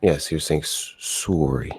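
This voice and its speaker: A man's voice: sits low, expressive, moderate pace, darkish tone, a little hiss or hum. A man hosting a podcast in casual banter, teasing his co-host and laughing often.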